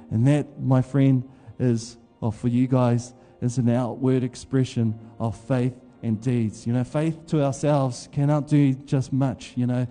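A man's voice: medium pitch, steady tone, moderate pace, few pauses, mellow, big-room sound, soft background music. A man preaching a sermon, telling a personal story in a loose, conversational way with plenty of fillers.

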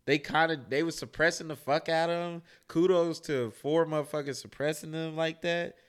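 A young adult man co-hosting a casual podcast, swearing freely and getting loud and worked up. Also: a little high, fairly even intonation, moderate pace, clean tone. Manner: loose, profane, gets loud and worked up. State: sleepy from drinking. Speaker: podcast co-host.

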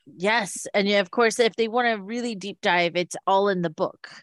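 A woman co-hosting a podcast who chats casually and gives reflective, halting remarks. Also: medium pitch, no echo, clean studio sound. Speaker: podcast co-host. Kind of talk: casual chat.

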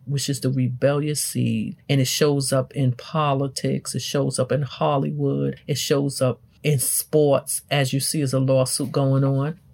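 A woman hosting a self-help show, talking emphatically in a motivational, preachy way. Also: darkish tone. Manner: preachy, emphatic, wide swings in pitch. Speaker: self-help podcast host. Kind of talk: motivational talk.

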